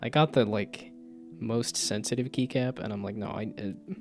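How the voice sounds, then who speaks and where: Speaking at medium pitch and a moderate pace, a man codes a game live as a VTuber, musing aloud with playful asides and quiet self-checks. It's relaxed stream chatter over guitar music, recorded on a desk mic that picks up loud keyboard clicks.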